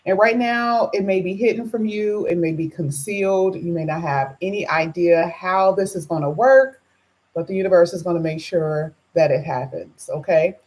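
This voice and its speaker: A woman's voice: lowish voice, moderate pace, a little mellow. A woman who has just woken up, doing a chatty live tarot reading and greeting her viewers by name. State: just woke up, voice low. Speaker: tarot reader.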